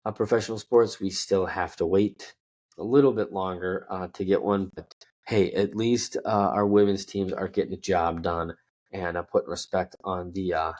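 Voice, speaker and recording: A man's voice: sits low, fairly even intonation, normal speed, a little mellow. A man from Minnesota hosting a casual sports talk show, rambling and correcting himself with lots of fillers. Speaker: sports podcast host.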